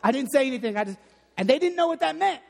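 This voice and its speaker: High-voiced young male preacher. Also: quick pace, creaky. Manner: animated storytelling, self-deprecating. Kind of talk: sermon. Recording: long hall reverb.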